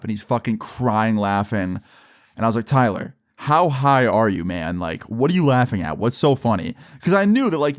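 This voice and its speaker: A man's voice: medium pitch, no room sound, clean studio sound. A young man telling a casual, rambling story about a party, full of "like" and "bro" fillers. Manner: rambling, slangy, lots of "like" and "bro".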